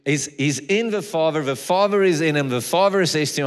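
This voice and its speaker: Guy preaching, kinda high voice, echoing round a big hall, story then gets fired up. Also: a little fast, few pauses. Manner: storytelling that builds to fervent preaching. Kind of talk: sermon. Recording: long reverb of a hall.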